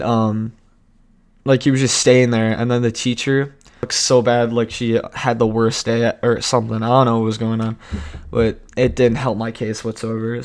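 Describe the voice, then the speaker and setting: A young man vlogging a casual storytime, rambling and cutting himself off, laughing often. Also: mid-range voice.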